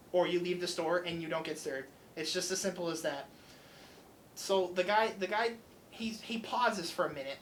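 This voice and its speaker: A man's voice: high voice, a little hiss or hum, low-quality recording. Young man telling a story. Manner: animated, acts out customer dialogue. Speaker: student radio host. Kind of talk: casual storytelling.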